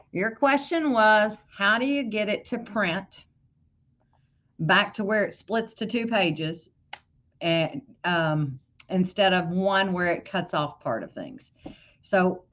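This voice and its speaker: Chatty woman teaching embroidery software. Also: mid-range voice, lo-fi sound. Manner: chatty and friendly, talks to viewers by name. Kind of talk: casual livestream tutorial.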